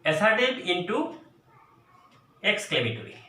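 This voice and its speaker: A man teaching an English grammar lesson at a board, explaining slowly and going over each example again. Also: high-pitched, sing-song, pushed and bright, faint music behind. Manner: slow, deliberate explaining with repeated examples. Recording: echoey room, voice from a distance, faint noise.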